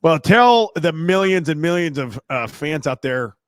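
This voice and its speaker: A man's voice: a little high, lively intonation, a little slow, smooth, no room sound, studio quality. A man hosting a casual podcast chat, teasing his guest and swearing often. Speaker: podcast host. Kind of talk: casual chat, joking and profane.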